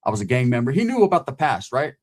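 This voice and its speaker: A middle-aged man tells a rough, profanity-laden story from his past in a loose, animated way. He keeps checking in with his listener by asking "right?". His voice sits at an ordinary middle pitch. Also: fast. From California. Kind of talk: casual storytelling.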